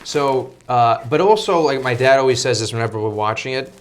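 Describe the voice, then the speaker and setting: A young man hosting a casual movie chat, talking fast with lots of restarts and laughs. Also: medium pitch. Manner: chatty, laughing, many restarts. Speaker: host.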